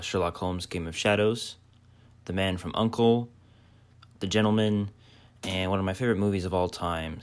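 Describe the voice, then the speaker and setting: A young man, a film student, narrating a video essay in a measured way with filler sounds. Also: sits low. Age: young adult.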